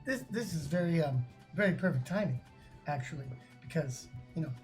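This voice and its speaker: Male player, high voice, hesitant and dry. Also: animated, fairly quick, a little mellow, soft background music. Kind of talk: casual tabletop play.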